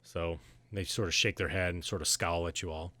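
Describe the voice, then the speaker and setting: A man narrating a tabletop game as game master in a casual, halting way with many fillers. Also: low voice, steady tone, pushed and bright, dry recording.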